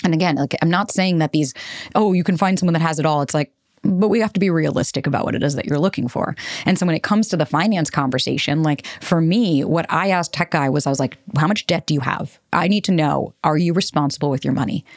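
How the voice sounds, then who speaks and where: A woman's voice: sits low, quick pace, no echo, studio quality. A woman, hosting a solo podcast and talking candidly, with frequent swearing and rambling asides. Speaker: podcast host.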